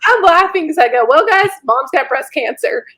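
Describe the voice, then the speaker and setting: A woman, her voice sitting a little high. She tells a personal story as a podcast guest. She talks in a lively, chatty way and laughs often as she goes. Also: normal speed. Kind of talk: casual storytelling.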